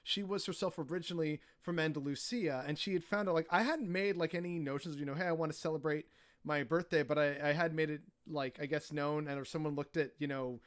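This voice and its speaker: Talking quickly with few pauses, a man with a higher voice recounts his travels as a podcast guest. His casual, rambling talk is full of the fillers "like" and "you know."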